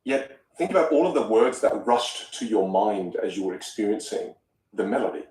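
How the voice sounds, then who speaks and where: A man coaching on a podcast, talking in an expressive, musical way and repeating words as he gets going. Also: on the low side, normal speed. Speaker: voice coach guest. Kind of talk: animated podcast conversation. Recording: roomy room, distant mic.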